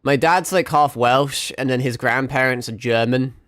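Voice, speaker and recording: A man's voice: medium pitch, moderate pace, fairly bright tone, no room sound. Rambling, sweary British-born streamer, a man. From Britain. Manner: rambling, sweary, self-mocking. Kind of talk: casual gameplay commentary.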